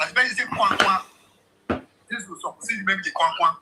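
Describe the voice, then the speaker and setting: A man with a Nigerian accent hosting a political talk, animated and playful, mixing English with Pidgin. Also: sits high, normal speed, pauses often, noisy background. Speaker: host.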